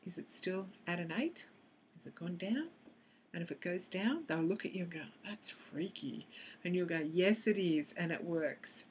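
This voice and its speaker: A fairly low-pitched woman from Australia explains to camera how to do tapping with children, performing both sides of a session. She's an EFT practitioner, and there's slight background noise.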